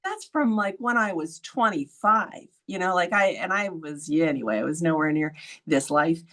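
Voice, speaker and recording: A woman hosting a podcast, telling a story in a casual, blunt way, swearing freely and acting out quoted voices with sudden high jumps. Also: expressive, normal speed, a bit bright. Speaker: podcast host.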